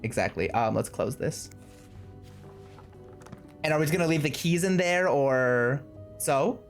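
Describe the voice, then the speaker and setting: Excitable streamer thinking aloud. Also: medium pitch, measured pace, faint music behind. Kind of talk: excited game playthrough chatter.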